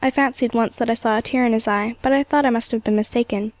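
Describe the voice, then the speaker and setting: A woman's voice: on the high side, steady tone, fast, dry recording. Woman reading a storybook aloud. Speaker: story narrator.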